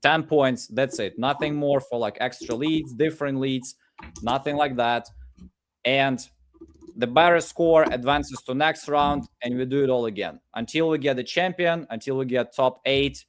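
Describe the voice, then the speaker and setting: A man's voice: mid-range voice, moderate pace. Man, livestream host, upbeat, hype-building, lots of fillers, computer mic. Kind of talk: casual livestream chat.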